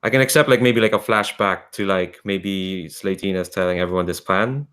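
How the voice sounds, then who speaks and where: A man's voice: deep voice, moderate pace, a bit bright, clear, resonant tone. Hesitant man running a tabletop game. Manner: hesitant, full of ums and restarts. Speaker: game master.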